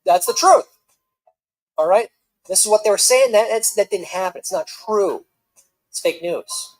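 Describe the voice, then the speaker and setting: A man's voice: sits high, moderate pace, a little mellow, rough recording. Sarcastic male reaction-video host. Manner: sarcastic, mocking.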